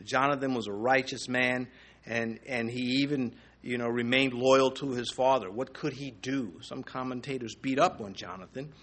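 A man's voice: mid-range voice, fairly even intonation, moderate pace, fairly bright tone. A middle-aged man teaching through a Bible passage verse by verse, reading scripture aloud and commenting in a conversational way with fillers and small chuckles.

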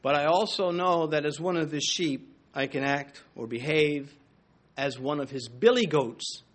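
A man delivering a sermon with earnest conviction. His voice sits a little high for a man, and he builds through emphatic repeated phrases, now and then pausing mid-thought to start again. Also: fairly bright tone. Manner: earnest, rises to emphatic repetitions. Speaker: preacher.

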